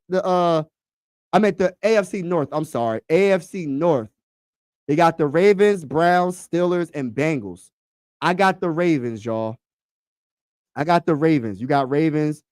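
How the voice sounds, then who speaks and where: A man hosting a casual sports talk livestream, excitable and slangy, repeating himself and talking to his chat. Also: fairly high pitch, smooth, dry recording, studio quality.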